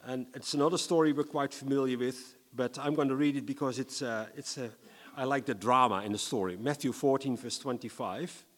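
A man from the Netherlands, preaching a sermon in a lively, humorous way and reading scripture dramatically. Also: medium pitch, brisk, long reverb tail.

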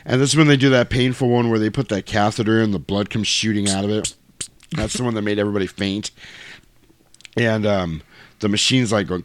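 A man's voice: lowish voice, brisk, dry recording. A man co-hosting a podcast, casually recapping a movie in a rambling, profane way. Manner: rambling, profane, jumps between tangents and quoted lines. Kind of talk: casual chat.

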